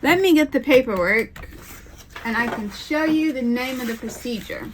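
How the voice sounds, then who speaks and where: A woman's voice: high voice, normal speed, a little hiss or hum. A young woman vlogger telling a personal story at home, chatty and emotional, often repeating herself.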